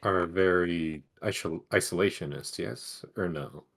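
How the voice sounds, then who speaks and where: A man's voice: sits low, a little slow, vocal fry, fairly bright tone. A man playing a tabletop game, asking questions tentatively and searching for words. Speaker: player. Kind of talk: casual tabletop game talk.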